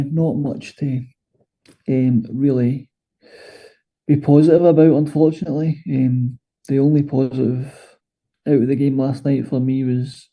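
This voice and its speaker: A man's voice: medium pitch, breathy edge, lo-fi sound. A Scottish man co-hosting a football podcast, talking casually and hesitantly, with many fillers and restarts. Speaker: podcast co-host.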